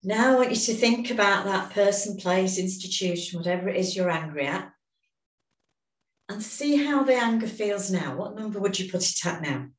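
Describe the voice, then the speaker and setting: A woman leading a guided emotional tapping session, giving calm step-by-step instructions and phrases to repeat. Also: medium pitch, normal speed. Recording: echoey room, distant mic.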